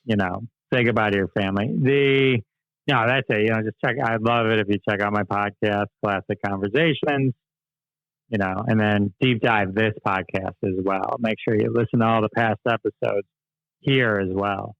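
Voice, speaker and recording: A man's voice: on the low side, fairly even intonation, normal speed, gravelly, no echo, highs cut off. A man being interviewed as a podcast guest, joking playfully about his own show. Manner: joking, playful self-promotion. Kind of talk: casual interview chat.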